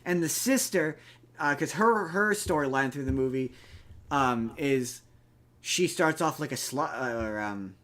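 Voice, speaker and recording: A man's voice: medium pitch, expressive, measured pace, a bit bright. A young man co-hosting a podcast, recapping a movie plot in a loose, rambling way full of fillers and restarts. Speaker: podcast co-host. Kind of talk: casual movie chat.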